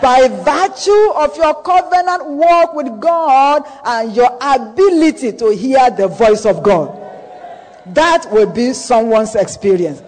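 A man's voice: very high-pitched, animated, slow pace, big-room sound, a little hiss or hum, low-quality recording. A man preaching a sermon, emphatic and repetitive, calling on the congregation to answer. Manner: emphatic, repeats key phrases, calls for congregation response.

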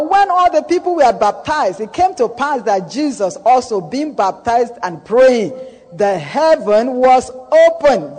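A male preacher delivers a sermon in a strikingly high voice. He speaks slowly and deliberately, leaning on each phrase and repeating the key ones for emphasis. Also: darkish tone, low-quality recording.

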